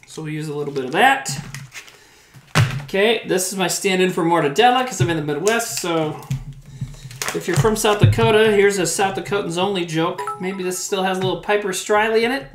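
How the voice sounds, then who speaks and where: Over music, a man with a high-pitched voice talks briskly while cooking on a live stream in his home kitchen. He rambles, swears now and then, and chats with viewers, and the roomy kitchen carries faint background noise.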